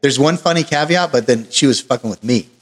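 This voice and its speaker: A man tells rambling, profane stories as one of the hosts of a casual podcast, his voice sitting at an ordinary pitch. The sound has a long, hall-like reverb trailing behind it. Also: fairly quick. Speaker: podcast co-host. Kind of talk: casual chat. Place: Oregon.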